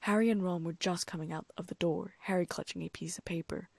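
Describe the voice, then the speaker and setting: Gravelly woman reading a story. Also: on the low side, fairly even intonation, fast talker, no echo. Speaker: audiobook reader. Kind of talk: first-person story narration.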